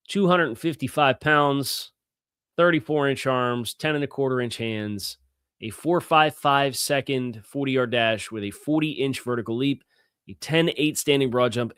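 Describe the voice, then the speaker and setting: A man's voice: medium pitch, fairly bright tone, no echo, studio quality. A man hosting a sports podcast, talking through player stats in a loose, conversational way and also reading ads. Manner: conversational, fillers and restarts, stresses key words. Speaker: podcast host. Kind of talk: sports analysis podcast with host-read ads.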